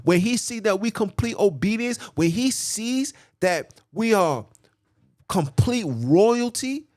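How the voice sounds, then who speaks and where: Man, high-pitched, fervent podcast sermon, rhythmic repetition. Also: expressive, darkish tone. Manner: rhythmic, repetitive preaching with vernacular speech and sudden drawn-out exclamations. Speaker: podcast preacher. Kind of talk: impassioned sermon.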